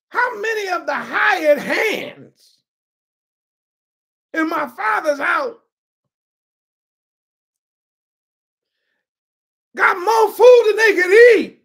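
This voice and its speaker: Desperate starving son begging to come home, very high bright voice, preacher doing him. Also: male voice, creaky, exaggerated voice. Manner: pleading, rehearsing his words aloud. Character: hungry repentant young man, desperate.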